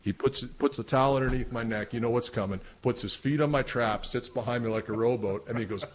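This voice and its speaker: A middle-aged man from Canada telling a story casually, laughing often and getting animated as it goes. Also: mid-range voice, a little fast, a little hiss or hum. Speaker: guest, wrestling announcer.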